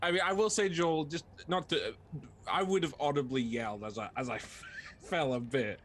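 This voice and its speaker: A man's voice: fairly high pitch, moderate pace. A man playing in a tabletop role-playing game, hesitant and stammering, self-mocking and given to swearing. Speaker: player. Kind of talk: casual tabletop play.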